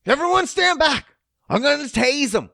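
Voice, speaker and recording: A man acting out an angry female police officer who yells orders and curses. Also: extremely high pitch, animated, moderate pace, creaky, dry recording, clean studio sound, voice pushed up, exaggerated voice. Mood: yelling. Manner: yelling, profane.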